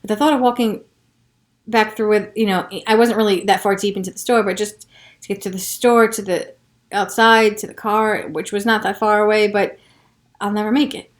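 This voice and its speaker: A podcast host tells a personal story frankly and with profanity, shifting from hushed recounting to heated frustration. Her voice is mid-range with fairly even intonation at normal speed.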